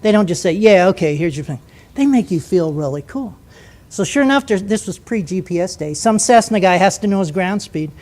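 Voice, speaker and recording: An older man, a former jet pilot, telling a story to an audience in a lively, vivid way. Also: high-pitched, a little fast.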